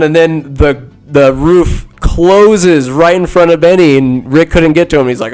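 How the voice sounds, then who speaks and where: A man hosting a podcast, telling a movie recap in a rambling, animated way and acting out the characters' lines. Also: a little high, normal speed, hardly any pauses. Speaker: podcast host. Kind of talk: casual solo movie recap.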